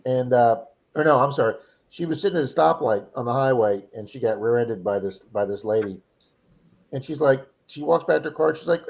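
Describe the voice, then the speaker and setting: A man's voice: medium pitch, animated, fairly quick, vocal fry. A man co-hosting a casual chat, rambling through stories with restarts and repeats. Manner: rambling talker who restarts and repeats himself. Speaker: co-host. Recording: slightly dull lo-fi sound.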